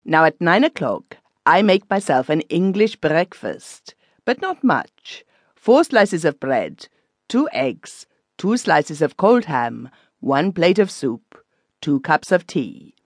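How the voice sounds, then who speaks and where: A woman's voice: deep voice, very animated, takes it slowly, dry recording, clean studio sound, full character voice. A woman reading a boastful, self-important German official, a middle-aged man, in an audiobook.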